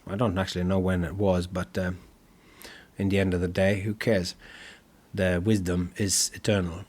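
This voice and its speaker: A man's voice: sits low, flat delivery, normal speed, a little mellow. A man hosting a podcast, talking in a thoughtful, meandering monologue with many fillers and restarts. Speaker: podcast host.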